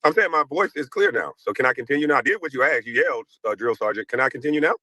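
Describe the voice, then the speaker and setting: A man on an online panel calmly and persistently lecturing the hosts in a heated debate. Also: mid-range voice, very fast, no room sound, low-quality recording. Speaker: panel guest.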